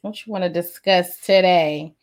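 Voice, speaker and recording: A woman's voice: on the low side, normal speed, slight background noise. A woman co-hosting a casual podcast with blunt, teasing banter, speaking. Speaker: podcast co-host. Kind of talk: casual chat.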